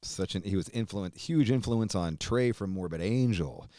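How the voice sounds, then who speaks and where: A man hosting a show, giving an emotional tribute while on the verge of tears, swearing often and trailing off quietly. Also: low voice, normal speed, dry recording, clean studio sound. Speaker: host.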